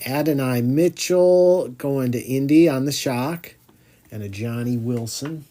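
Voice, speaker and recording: A man's voice: medium pitch, measured pace, dark tone. A man hosting a live card break, chatting as he calls out each card and groaning when a pack comes up empty.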